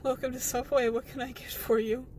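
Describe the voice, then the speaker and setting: Brief: woman as a frazzled sandwich-counter worker, high voice, fed up with customers. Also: level tone, darkish tone, slight background noise, lightly acted. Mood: impatient. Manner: exasperated, incredulous, talks fast when upset. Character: frazzled young female sandwich shop worker. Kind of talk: comedy skit.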